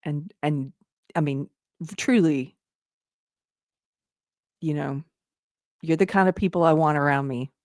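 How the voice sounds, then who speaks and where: Low-voiced woman hosting a commentary show. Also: slow pace, long pauses, darkish tone, no room sound, clean studio sound. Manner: earnest, addresses viewers directly. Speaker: show host. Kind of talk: direct-to-camera commentary.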